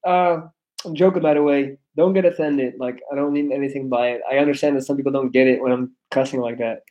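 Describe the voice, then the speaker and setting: Loud animated man, American accent. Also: on the high side, fast talker, poor audio. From Belgium. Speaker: livestreamer. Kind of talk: casual live stream chat.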